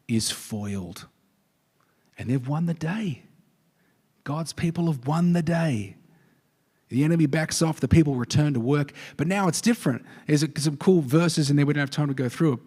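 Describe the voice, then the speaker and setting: A man preaching a sermon as a pastor, telling the story with animated swings from hushed whispers to rousing calls. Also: a little high. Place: church hall. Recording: hall reverb.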